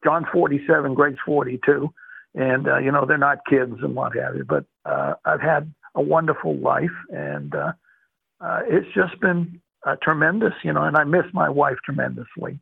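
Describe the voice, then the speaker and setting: A man's voice: on the high side, expressive, normal speed, vocal fry, husky, dry recording. An older man from Boston, retired, telling his life story in an interview with lots of fillers and restarts. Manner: rambling, warm storytelling with many fillers. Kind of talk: oral history interview. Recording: tinny phone-like dry sound.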